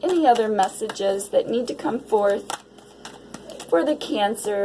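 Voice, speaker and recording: Soft high-voiced woman reading tarot. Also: expressive, a little slow, background noise. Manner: dreamy, exclamatory, talking to viewers. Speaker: tarot reader.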